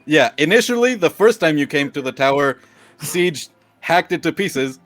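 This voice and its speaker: A man running a tabletop game as game master, calmly describing scenes to the players. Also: a little high, normal speed, soft background music. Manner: calm descriptive narration.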